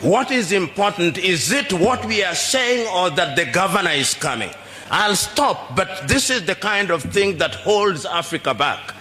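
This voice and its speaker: A man's voice: high-pitched, animated, a little slow, hardly any pauses, pushed and bright, faint music behind. A man giving an indignant, emphatic public speech. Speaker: public speaker. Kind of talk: impassioned speech. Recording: echoey hall.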